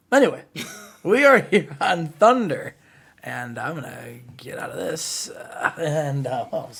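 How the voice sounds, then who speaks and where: A high-voiced man co-hosting a casual game playthrough. He drops wisecracking asides and quips into the talk, loose and joking. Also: expressive, slow, gravelly, a bit bright, breathy edge. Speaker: co-host. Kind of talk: casual let's-play commentary.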